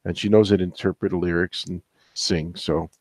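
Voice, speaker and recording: A man's voice: low-pitched, fairly even intonation, normal speed, darkish tone, dry recording, clean studio sound. A man hosting a casual album countdown, talking in a rambling, opinionated way with gossipy asides. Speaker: music show host.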